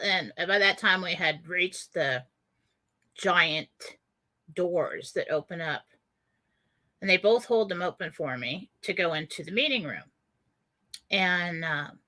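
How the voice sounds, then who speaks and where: A woman's voice: on the low side, animated, slow pace, long pauses, bright, forceful tone. A woman radio host telling a personal story in a casual way, with many fillers and frequent laughs.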